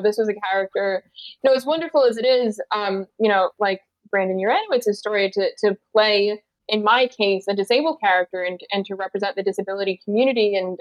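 A woman, an actor guest in a casual interview, talking in a chatty way with restarts and quick laughs. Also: medium pitch, no echo, low-quality recording. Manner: chatty, many restarts and likes, laughs easily.

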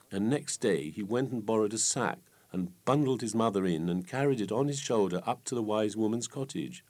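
Male narrator for a folk tale reading; animated, expressive delivery. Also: fairly low pitch, normal speed, few pauses. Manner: lively, expressive storytelling. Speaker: storyteller.

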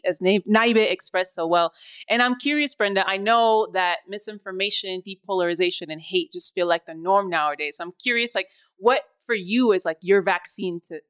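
A woman's voice: mid-range voice, clear, resonant tone. A woman hosting a podcast interview, upbeat and chatty, mixing in Spanish words. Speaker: podcast host. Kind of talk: casual interview.

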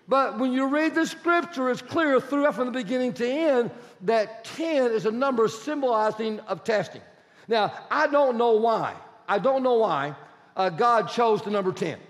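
A male pastor delivers a sermon in a notably high voice, firing questions at the congregation and stressing key words. His voice rings out in a long hall reverb. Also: normal speed. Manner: quizzes the congregation, animated and emphatic.

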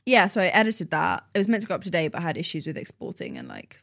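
A woman's voice: fairly low pitch, huge pitch swings, fast, vocal fry, fairly bright tone, dry recording. A woman chatting on a podcast with a playful, self-mocking manner. Her voice rises and falls freely through her sentences. The sound is close and dry, with no room around it. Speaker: podcast guest, streamer and YouTuber. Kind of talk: casual chat.

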